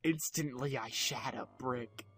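A man's voice: mid-range voice, unhurried, a bit bright. Young man deadpanning a crude story. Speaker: co-host reading a fan story. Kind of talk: casual comedic dramatic reading.

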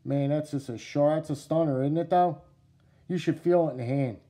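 A middle-aged man with a New Jersey accent talks casually to his camera at home. His voice sits a little high for a man but sounds dark and mellow. He is excitable, repeats himself, and keeps calling his viewers "guys" and "yous.". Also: normal speed. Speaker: knife collecting vlogger. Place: at home indoors.

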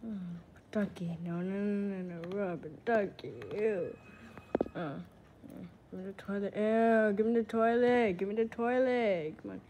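A woman's voice: medium pitch, fairly even intonation, measured pace, dark tone, slight background noise. A woman giving silly, playful game commentary, giggling and repeating herself. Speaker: gaming channel host.

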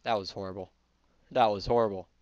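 A man's voice: lowish voice, fairly even intonation, fairly quick, a little mellow, dry recording. A young man hosting a casual gameplay video, rambling and chatty with frequent giggles. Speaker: gaming channel host. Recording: dull lo-fi dry mic.

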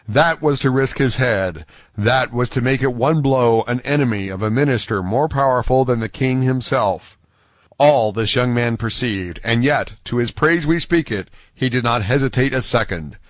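A man narrates a scripted audiobook in a steady, measured voice pitched in an ordinary middle range. The recording is dry and close, with no room sound.

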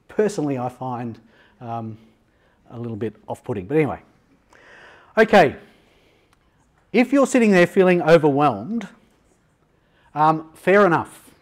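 A man giving a live software demo talk at a teachers' conference, talking conversationally with frequent ums and frank asides. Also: mid-range voice. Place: conference session room.

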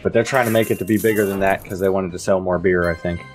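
A man's voice: deep voice, steady tone, fast talker, faint music behind. A man from the United States co-hosting a podcast, talking in a laid-back, rambling way with many fillers. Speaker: podcast co-host. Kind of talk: casual podcast chat.

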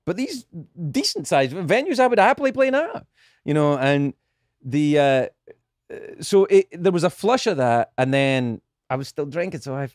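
A middle-aged man with a Scottish accent talks through his past with animated, swinging intonation. He swears casually and often stops to restart a sentence. The sound is dry and close to the mic. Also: a little high, normal speed, no room sound. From Scotland. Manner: animated storytelling, profane, frequent restarts. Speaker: guest comedian. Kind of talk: casual podcast chat.

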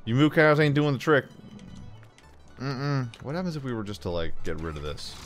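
A man in the middle of his pitch range, chatting loosely through a farming game session at home. He mutters to himself, talks to the game and throws in jokey asides. Faint game music and engine sounds play underneath. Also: big pitch swings, moderate pace. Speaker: gameplay commentator. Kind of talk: casual game commentary.

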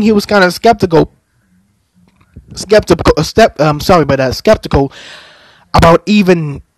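A young man casually recapping an anime plot as a reviewer, halting often with fillers and restarts. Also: on the high side, no echo. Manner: hesitant, many fillers and restarts.

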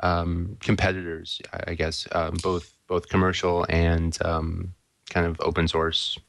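A man's voice: low-pitched, completely flat delivery, unhurried, vocal fry, dry recording. A man hosting a podcast, asking casual, hedged questions. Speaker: podcast host. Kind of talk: interview questions.

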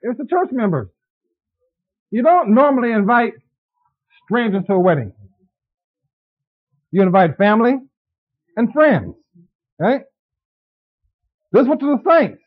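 A man's voice: very high-pitched, sing-song, unhurried, long pauses, husky. A man preaching a sermon, talking to his congregation in a conversational way with frequent asides and questions. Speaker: pastor. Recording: dull lo-fi tape recording.

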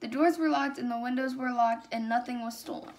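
A woman's voice: on the high side, a little fast, a little mellow, slight background noise, close to an everyday voice. A young woman voicing a sensible young girl who protests insistently, in a storybook read-aloud.

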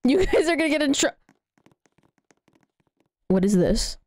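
A young woman in her late teens with a girlish, childlike voice, chatting excitedly and giggling as she streams a game and thanks donors. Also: high voice, a little slow, no room sound. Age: young adult. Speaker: live streamer. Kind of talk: casual livestream gaming chatter.

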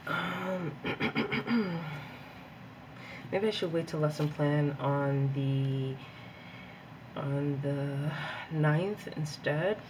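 Young woman, casual rambling planner chat, excitable, faint background noise. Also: low-pitched, extremely slow, pauses often. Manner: rambling, chatty, giggly and easily excitable. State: hyped up on coffee. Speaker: planner vlogger; graduate student and teacher. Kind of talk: casual chat while journaling.

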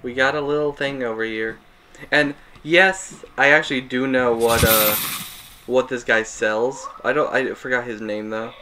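A man's voice: mid-range voice, moderate pace, sharp tone, slight background noise. A man giving casual, rambling gameplay commentary, self-mocking and chuckling at his mistakes. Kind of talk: casual let's-play commentary.

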